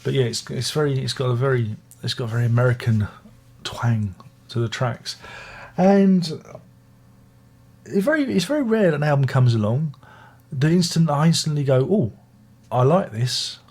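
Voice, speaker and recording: An older British music reviewer rambles casually about an album, often beginning sentences again and making chatty asides. His medium-pitched voice is expressive, a little mellow and slightly rough, at a moderate pace.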